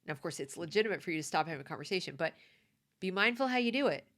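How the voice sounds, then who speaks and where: A woman's voice: fairly low pitch, lively intonation, very fast, a bit bright. A woman delivering a conversational opinion monologue, emphatic and prone to repeating her points. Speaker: commentator.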